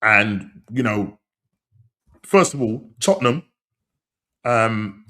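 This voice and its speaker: A man hosting a casual football podcast, talking in excited, slangy bursts and repeating phrases. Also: fairly low pitch, slow pace. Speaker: podcast host.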